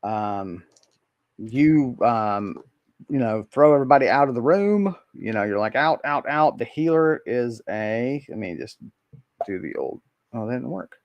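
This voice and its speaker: Slow, hesitant male game master. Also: mid-range voice, lively intonation, lo-fi sound. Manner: hesitant, many ums and restarts. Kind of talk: narrating a tabletop game.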